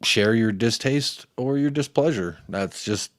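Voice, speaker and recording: A man's voice: medium pitch, a little slow, no echo, studio quality. A man hosting a football fan show, chatting casually and rambling, sometimes losing his train of thought and swearing. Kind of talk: casual post-match fan chat.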